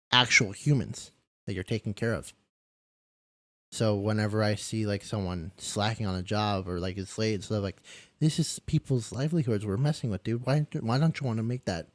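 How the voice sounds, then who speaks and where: A man's voice: fairly low pitch, normal speed, pauses often, a bit bright, no room sound. A young man telling a personal story in a candid, rambling way during a live-streamed interview, with many restarts and the odd swear word. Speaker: caregiver and podcast guest.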